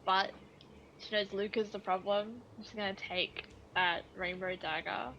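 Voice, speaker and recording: A woman's voice: medium pitch, fairly even intonation, a little slow, bright, forceful tone, highs cut off, a little hiss or hum. A woman playing a tabletop game, thoughtfully describing her character's actions in third person. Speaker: player.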